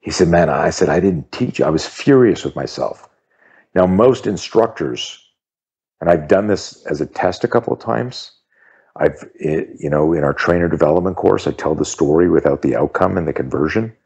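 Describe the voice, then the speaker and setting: A man in his fifties with a very deep voice tells a story as a podcast guest. He is an animated, emphatic speaker who hammers his points home by repeating phrases and briefly takes on the voices of the people in his anecdotes. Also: moderate pace, creaky, slightly rough. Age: 50s. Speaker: self-defense instructor and podcast guest. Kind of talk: storytelling in an interview.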